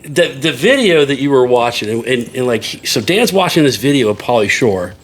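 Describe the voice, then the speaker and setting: A man's voice: mid-range voice, very animated, a little fast. A man hosting a casual chat over drinks, joking and swearing, laughing often. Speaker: podcast host.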